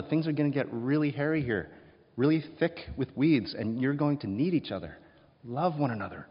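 A male pastor preaching a sermon, swinging between hushed and loud passages and acting out voices. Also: mid-range voice, animated, moderate pace, breathy edge. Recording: dull sound with long hall reverb.

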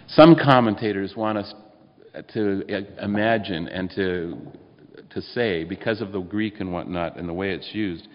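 A man with a fairly low voice preaches a sermon, talking to his congregation in a loose, conversational way and often asking them questions. His voice rings out with a long reverb, as if in a large church sanctuary. The recording sounds dull and lo-fi. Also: unhurried. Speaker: pastor.

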